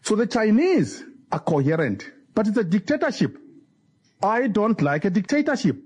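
A man with a husky voice giving an emphatic, digressive talk. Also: high voice, very animated, moderate pace, a little mellow. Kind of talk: speech clip.

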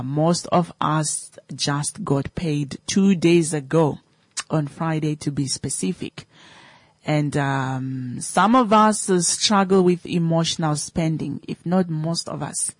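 Low-voiced chatty woman radio host. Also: no echo. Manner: chatty, many fillers, asks listeners questions. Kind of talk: casual radio talk.

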